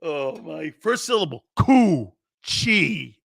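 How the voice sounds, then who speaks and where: Give me a giggly man hosting a live sports talk show, with a high voice and an unhurried pace. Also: lively intonation, sharp tone. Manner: giggly, joking, keeps breaking into laughter; reads and answers viewer comments by name.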